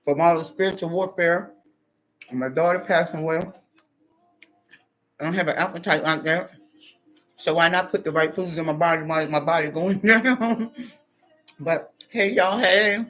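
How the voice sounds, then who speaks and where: A man's voice: on the high side, moderate pace, long pauses, a bit bright. A tired man talking loosely to viewers on a livestream from his home, eating as he talks. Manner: chatty, loose, eats while talking. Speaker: livestream host. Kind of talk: casual livestream talk. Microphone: computer.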